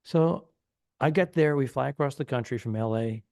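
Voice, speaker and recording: A man's voice: medium pitch, normal speed, gravelly, darkish tone, no room sound, studio quality. A man co-hosting a comedy podcast, telling a long rambling story in casual chat and acting out the people in it. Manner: rambling anecdote, acts out quoted people. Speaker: podcast co-host.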